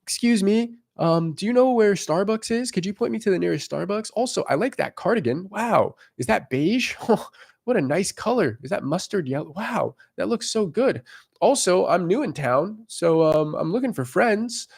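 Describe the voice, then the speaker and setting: A man puts on a timid young man with a thin, high, squeaky voice. He fumbles and hesitates, wavering between stiff politeness and nerves. His questions trail off awkwardly as he searches for an excuse. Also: lively intonation, normal speed, creaky, heavily acted. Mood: meek, flustered. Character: meek nervous young man making a flimsy excuse.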